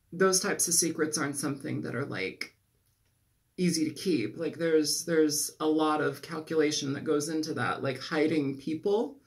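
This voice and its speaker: A man giving a casual tarot reading, rambling and clearing his throat often as he loses his voice after a nap. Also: a little high. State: losing his voice, just woke from a nap. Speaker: tarot reader.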